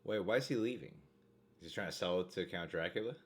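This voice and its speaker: A man co-hosting a casual movie watch-along, wisecracking, laughing loudly and slipping into silly put-on voices. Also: low voice, quick pace. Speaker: co-host of a movie reaction channel.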